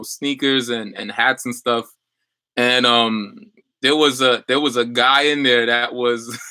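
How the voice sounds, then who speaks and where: Young male business coach on a live stream, bright dry voice, rambling casual delivery. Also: a little high, no room sound. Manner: loose and chatty, many fillers and restarts. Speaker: online business coach on a livestream. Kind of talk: casual livestream chat reading viewer comments.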